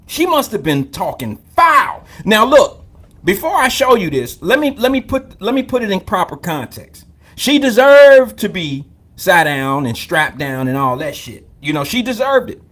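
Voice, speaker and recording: Young male live-stream host, AAVE, high and very lively voice, profane, joking storyteller. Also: moderate pace. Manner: loose, profane, joking storyteller who greets viewers by name. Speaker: host of a live call-in drive-time show. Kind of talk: casual live-stream monologue.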